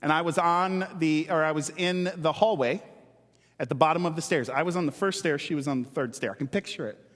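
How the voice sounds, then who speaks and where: A man's voice: fairly high pitch, brisk, fairly bright tone, big-room sound. A male pastor preaching a sermon in a conversational, joking way, asking the congregation questions.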